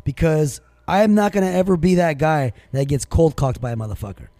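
A man's voice: fairly high pitch, animated, a little fast, warm tone, no echo. A man co-hosting a podcast, telling stories bluntly and emphatically, swearing constantly in casual banter. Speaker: podcast co-host.

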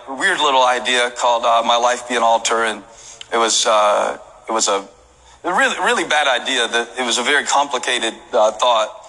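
Bright-voiced preaching pastor. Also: male voice, mid-range voice, low-quality recording. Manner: storytelling that builds to shouted preaching; jokey asides with laughs. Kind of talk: sermon. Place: church service.

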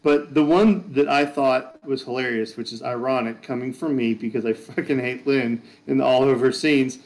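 A man with a middle-pitched voice talks through a sports movie with friends. He rambles and trips over himself, stopping to correct his facts mid-sentence. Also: moderate pace, a little mellow, poor audio. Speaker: podcast co-host. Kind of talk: casual sports chat.

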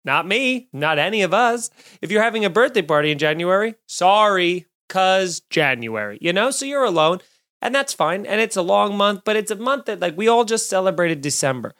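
A man in his thirties hosting a podcast alone, doing a sarcastic comedic monologue with loud bursts and muttered asides. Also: high voice, lively intonation, moderate pace. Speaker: podcast host. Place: home studio, recording alone.

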